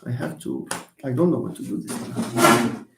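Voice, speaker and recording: A man giving a live online English lesson, hesitant with many fillers and restarts, lively when stressing examples. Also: mid-range voice, moderate pace, creaky, very noisy. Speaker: English lecturer. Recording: echoey room.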